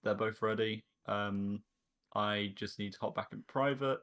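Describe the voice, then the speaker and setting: A man organizing a game tournament, speaking hesitantly with many pauses. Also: on the low side, steady tone, a bit bright. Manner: hesitant, lots of ums. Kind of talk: casual announcement.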